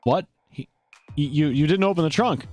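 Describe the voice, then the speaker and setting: A man streaming a game, chatting casually and reading the on-screen text aloud in an animated way. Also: on the high side, normal speed. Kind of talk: casual let's-play commentary. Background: faint game music.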